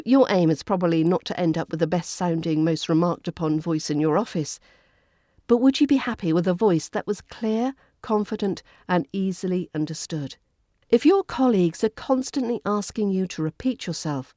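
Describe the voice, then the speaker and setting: A woman with a British RP accent, hosting a podcast lesson in a clear, measured, well-enunciated delivery. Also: lowish voice, darkish tone, dry recording, clean studio sound. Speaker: accent coach and podcast host.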